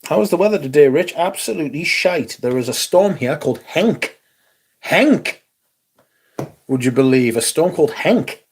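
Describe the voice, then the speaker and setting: A man's voice: fairly high pitch, animated, a little fast, hardly any pauses, darkish tone, breathy edge. A man hosting a livestream, reading viewer comments aloud in a sardonic, sweary casual chat.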